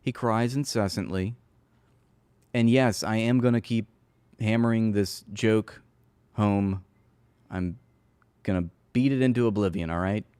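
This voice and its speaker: A man hosting his own commentary show, speaking in a sarcastic, mocking tone. His voice sits on the low side and sounds dry and close, with no room around it. He laughs now and then at his own jokes. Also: unhurried, darkish tone, clear, resonant tone, dry recording. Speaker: political commentary host. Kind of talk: casual commentary.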